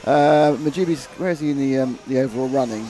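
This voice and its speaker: A man on live race commentary, chatty and quick to joke. He reads viewer comments aloud between the action. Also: medium pitch, warm tone.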